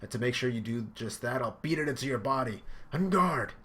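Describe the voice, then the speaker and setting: A man's voice: medium pitch, fast, fairly bright tone, close to an everyday voice. A man reading out the lines of a cold, arrogant young male pirate cook in a scornful tone. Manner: haughty, scornful.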